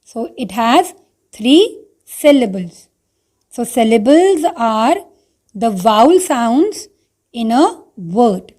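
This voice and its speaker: A woman's voice: on the high side, big pitch swings, takes it slowly, pauses often, darkish tone. A woman teacher with an Indian English accent, explaining a poem over slides step by step and repeating key points. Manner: addresses students as children. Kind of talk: online slide lesson.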